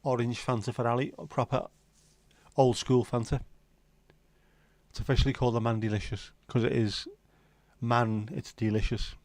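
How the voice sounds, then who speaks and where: A man in his fifties hosts a livestream, trading laid-back banter full of dry jokes and the occasional swear word. His voice is medium-pitched and fairly flat, at a normal speed, with a darkish tone. The recording is dry.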